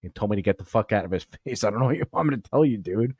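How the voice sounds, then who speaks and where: A man's voice: on the low side, expressive, very fast, darkish tone, slight background noise. A man hosting a comedy podcast, telling a crude story in a profane, rambling way and laughing at his own jokes. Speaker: podcast host.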